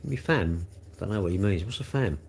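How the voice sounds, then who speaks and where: A man's voice: deep voice, lively intonation, moderate pace, creaky, a little mellow, a little hiss or hum. A man in his sixties with a South London accent, chatting casually on a livestream and answering comments, rambling and tagging questions onto everything. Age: 60s. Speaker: livestream host.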